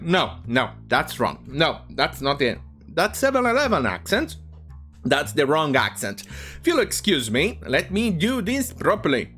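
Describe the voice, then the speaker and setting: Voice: mid-range voice, sing-song, moderate pace, a bit bright, faint music behind. A commentator delivering an opinionated news rant, full of asides and restarts. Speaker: online commentator.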